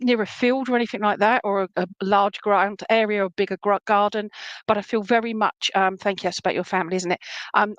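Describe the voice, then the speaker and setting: A woman's voice: medium pitch, no room sound. A chatty woman with an Essex accent hosts a live stream as a medium, greeting viewers and easing into readings with plenty of ums and restarts. Her voice sits in a middle range and is recorded close and dry, with no room sound around it. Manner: chatty, many fillers and restarts, reads viewer comments aloud.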